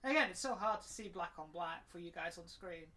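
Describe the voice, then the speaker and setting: Woman w hiccups mumbling to herself as she works on cosplay armour, kinda halting and thinking out loud. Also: fairly low pitch, lively intonation. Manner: thinking aloud while working, trailing off. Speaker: cosplay crafter streaming her build. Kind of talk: casual working commentary.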